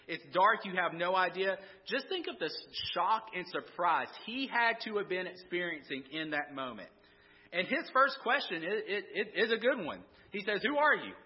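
A man's voice: on the high side, lo-fi sound. A man preaching a conversational sermon, asking the congregation questions and often restarting his sentences. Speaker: pastor.

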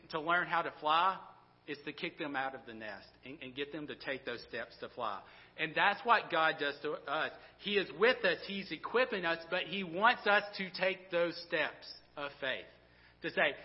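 High-voiced man preaching in a reverberant hall. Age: 30s. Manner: conversational, animated storytelling with many restarts. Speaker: pastor. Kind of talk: sermon. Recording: dull sound with long hall reverb.

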